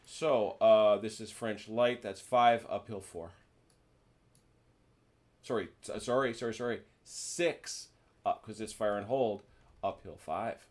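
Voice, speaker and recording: A man's voice: on the low side, takes it slowly. A man hosting a board wargame session in casual chat, thinking aloud and correcting himself as he goes. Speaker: game host running the board game session.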